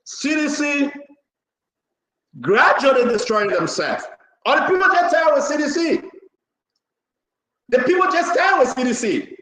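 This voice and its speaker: A man hosting a live political talk show, rambling and repetitive, now and then bursting into shouts. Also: very high voice, expressive, moderate pace, roomy sound, poor audio.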